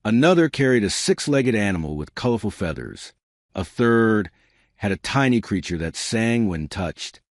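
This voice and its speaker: A man narrating a science fiction story with steady, scripted delivery. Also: on the low side, moderate pace, no room sound, studio quality.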